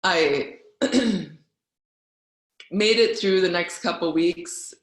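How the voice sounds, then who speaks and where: A woman's voice: lowish voice, extremely slow. A woman in her forties, from the US Midwest, telling her personal story as a guest speaker in a candid, conversational way. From Wisconsin, US Midwest. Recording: roomy echo.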